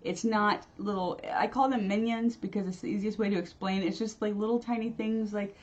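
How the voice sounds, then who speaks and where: A woman's voice: medium pitch, fairly even intonation, brisk, few pauses, darkish tone, muffled recording. A woman spiritual medium chatting casually on a livestream, rambling, laughing often and restarting her sentences. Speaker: spiritual medium and channel host. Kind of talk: casual livestream chat answering viewers.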